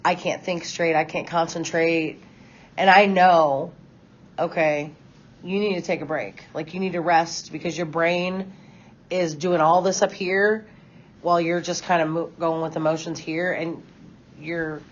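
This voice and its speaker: Woman in class sharing her own stuff, kinda low voice, says like a lot, dull recording w light hiss. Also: steady tone, a little slow. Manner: candid, chatty, says "like" a lot. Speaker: student. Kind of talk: casual classroom discussion.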